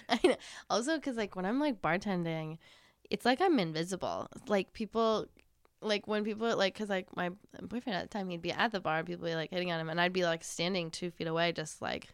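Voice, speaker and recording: A woman's voice: lowish voice, a little fast, clean tone, no echo, clean studio sound. A woman guest on a comedy chat show, telling stories in a rambling, giggly way. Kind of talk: casual chat.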